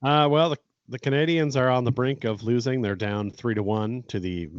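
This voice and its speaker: A man's voice: medium pitch, normal speed, clean tone, no echo. A man co-hosting a casual sports podcast, blunt and opinionated, swearing freely as he vents about his team. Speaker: podcast co-host. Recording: dull dry lo-fi sound.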